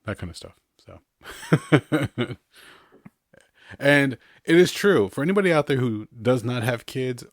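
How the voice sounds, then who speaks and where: A man's voice: medium pitch, lively intonation, unhurried, no echo, studio quality. A man hosting a podcast in a casual, rambling chat, often chuckling between his remarks. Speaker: podcast host.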